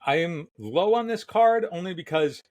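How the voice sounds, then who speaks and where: A man's voice: high-pitched, animated, moderate pace, a little mellow, no room sound. A man co-hosting a casual card game podcast, laid-back and saying "dude" a lot. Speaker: podcast co-host.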